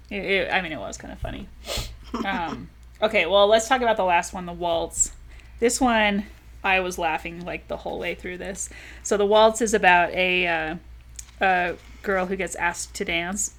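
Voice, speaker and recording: A woman co-hosting a casual book discussion podcast, talking loosely with friends and laughing often. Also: on the low side. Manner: reads quoted passages aloud with lively emphasis. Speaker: podcast co-host.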